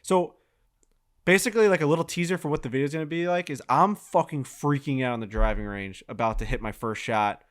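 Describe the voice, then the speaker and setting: Excitable, profane young podcast co-host. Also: male voice, a little high, brisk. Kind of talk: casual podcast chat.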